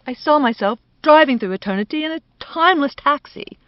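A woman's voice: high voice, animated, brisk, dry recording, dull audio, pitched above the performer's own voice. A woman voicing a languid, fretful young man who speaks in a plaintive, dreamy way.

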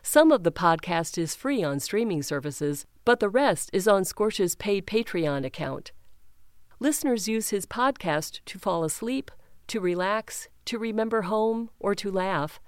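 A woman reading a news article aloud in an even, measured way, raising her pitch slightly when she reads quotes. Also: clean tone, no room sound, clean studio sound. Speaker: news reader.

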